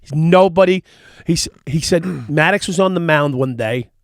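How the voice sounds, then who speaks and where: A middle-aged man hosting a casual talk show, telling profane, animated stories and acting out the quotes. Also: a little high, normal speed, no echo, clean studio sound. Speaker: podcast host. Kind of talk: casual storytelling chat.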